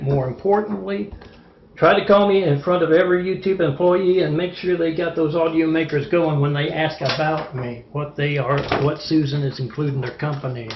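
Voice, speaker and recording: A man delivering an agitated, rambling monologue, halting often with fillers. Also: a little high, slight background noise. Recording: echoey, muffled lo-fi room recording.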